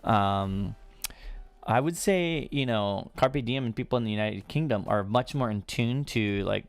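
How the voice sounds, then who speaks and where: A man's voice: fairly low pitch, a little slow. A man, hosting a casual live-stream Q&A and rambling with lots of fillers. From United States. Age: 30s. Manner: rambling, chatty, many fillers and restarts.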